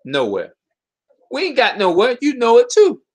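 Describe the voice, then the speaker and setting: A man with a fairly high-pitched voice delivers a fervent, preachy monologue straight to his online viewers. He keeps circling back to the same rhetorical questions and often trips over his words and starts sentences again. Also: very animated, a little fast, slightly rough. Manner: stumbles and restarts mid-sentence. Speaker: video commentator. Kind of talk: impassioned spoken monologue to viewers.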